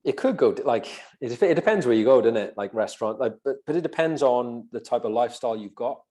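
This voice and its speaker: A man's voice: mid-range voice, animated, fast talker, dark tone. A Welsh man co-hosting a podcast, chatting loosely with lots of fillers. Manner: rambling, frequent "do you know what I mean". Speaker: podcast co-host. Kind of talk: casual podcast chat.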